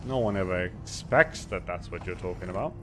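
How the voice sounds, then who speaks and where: A man's voice: low voice, brisk, music in the background. A man streaming a game, chatting casually, rambling and mocking himself while reading chat aloud into a desk microphone.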